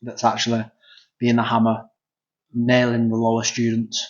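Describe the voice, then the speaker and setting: A man's voice: mid-range voice, completely flat delivery, moderate pace. A man with a Manchester accent explaining grappling ideas earnestly, with lots of fillers. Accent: Northern English, Manchester. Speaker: podcast co-host and grappling coach. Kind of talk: casual chat. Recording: dull lo-fi sound.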